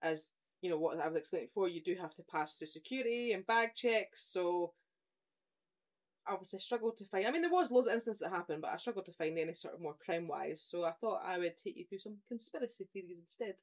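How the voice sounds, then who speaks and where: A woman's voice: on the low side, animated, fast talker. A woman co-hosting a podcast, chatting casually and telling stories with easy laughter. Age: adult, a mother. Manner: chatty storyteller, laughs easily. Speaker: podcast co-host presenting the episode. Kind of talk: casual chat. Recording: dull lo-fi podcast audio.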